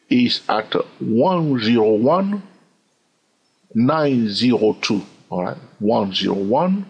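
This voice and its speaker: A French man with a medium-pitched, breathy-edged voice, recorded in muffled sound, teaches chart trading via a screen-share lesson. This trading educator repeats himself, frequently asks "yes or no?" to check on listeners, and says "blah, blah" to skip steps.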